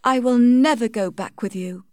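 A woman's voice: fairly high pitch, moderate pace, a little mellow, no room sound, studio quality, pitched above the performer's own voice, natural voice. A woman voicing a young village woman, ashamed and bitter, tearful and pleading in a raised voice. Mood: sad. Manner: tearful, pleading, rising to anger.

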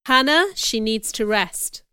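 A gentle, earnest young clergyman, voiced by a woman reader with little attempt to sound male. Her voice stays fairly high, very smooth and resonant, and recorded dry and close. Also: animated, takes it slowly, no room sound, full character voice. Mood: calm. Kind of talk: audiobook character reading.

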